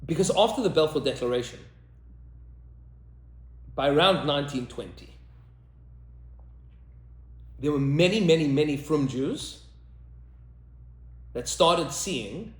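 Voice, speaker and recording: Emphatic rabbi, lively pitch. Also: male voice, slow, pauses often, roomy sound. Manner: emphatic, repeats lines for effect, mixes in Hebrew terms. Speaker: rabbi and teacher. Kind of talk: animated podcast discussion.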